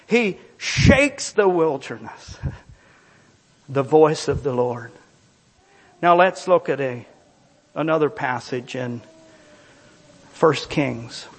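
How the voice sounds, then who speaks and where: Male pastor, high voice, measured delivery; emphatic sermon with scripture reading. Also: lively intonation, husky. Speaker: preacher.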